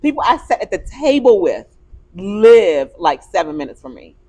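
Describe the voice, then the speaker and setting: A woman co-hosting a podcast in casual chat, telling stories with animated, expressive delivery. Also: mid-range voice, moderate pace, slightly rough. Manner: animated storytelling, turns emotional. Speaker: podcast co-host.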